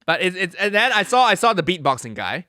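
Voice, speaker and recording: A man chatting casually as a podcast co-host, with dry teasing and deadpan asides. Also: high voice, quick pace, dry recording. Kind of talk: casual chat.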